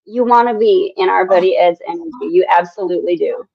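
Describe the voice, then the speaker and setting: A woman from South Dakota co-hosting a podcast, speaking warmly with gushing praise in casual chat. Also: fairly low pitch, fairly quick, gravelly, dry recording. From South Dakota, USA. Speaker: podcast co-host. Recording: dull lo-fi dry sound.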